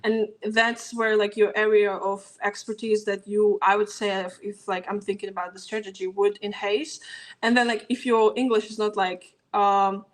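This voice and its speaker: A woman guest on an interview, her first language Russian. She talks at a middle pitch in a loose, casual way, scattering "like" and restarting her sentences as she thinks aloud. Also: flat delivery, normal speed, rough recording. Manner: casual, filler-heavy with frequent "like". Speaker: guest, startup growth expert. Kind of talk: conversational interview.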